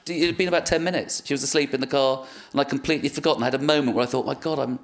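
A man's voice: mid-range voice, rapid-fire, vocal fry. A middle-aged English man, a comedian guest on a live podcast, telling stories in a rambling, self-deprecating way.

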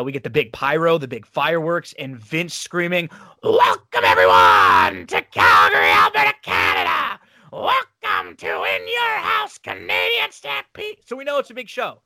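A man's voice: a little high, fairly bright tone, dry recording. A man casually recapping an old wrestling show on a podcast, chatty and rambling with fillers.

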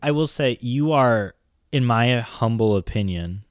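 A man bantering on a podcast in a joking, teasing way. His voice is mid-pitched. The recording is dry and close, with no room sound. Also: expressive, measured pace, clear, resonant tone, dry recording. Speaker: podcast co-host. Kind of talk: casual chat.

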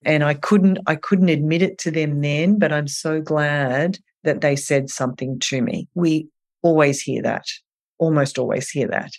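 Gentle, earnest clinician giving advice. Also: medium pitch, unhurried. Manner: gentle, earnest, explains step by step. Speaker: eating disorder clinician guest. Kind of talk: advice in an interview.

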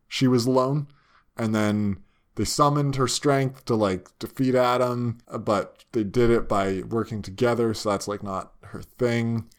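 A man's voice: mid-range voice, fairly even intonation, measured pace. A man co-hosting a podcast, recapping with dry, sarcastic humor. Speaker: podcast co-host. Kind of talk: casual chat.

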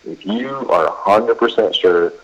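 A man's voice: deep voice, moderate pace, dull audio. A man who coaches college baseball, chatting casually on a podcast and telling rambling stories full of fillers and quoted back-and-forth. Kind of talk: casual podcast chat, storytelling.

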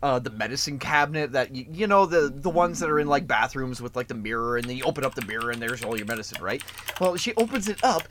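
A man co-hosting a podcast in casual chat, joking and acting out scenes with loud put-on voices. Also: mid-range voice, quick pace, hardly any pauses. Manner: animated, mocking, acts out scenes with loud voices. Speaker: podcast co-host.

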